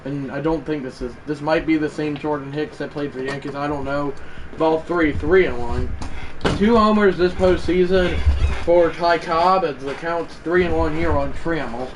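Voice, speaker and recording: A man's voice: fairly high pitch, moderate pace, noisy background. A man giving casual play-by-play commentary on a baseball video game livestream, chatty and prone to correcting himself mid-sentence. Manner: chatty, self-correcting, with side remarks.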